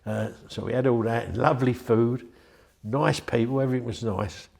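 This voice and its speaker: A man's voice: mid-range voice, fairly even intonation, moderate pace, gravelly, darkish tone. An older man, chatty and rambling as he tells anecdotes in an interview. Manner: rambling, chatty, with frequent restarts. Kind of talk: anecdotal storytelling.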